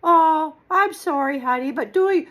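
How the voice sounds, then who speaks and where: An older woman hosting a children's puppet show, gentle and encouraging with her puppets. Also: high-pitched, unhurried. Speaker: puppeteer host for preschoolers.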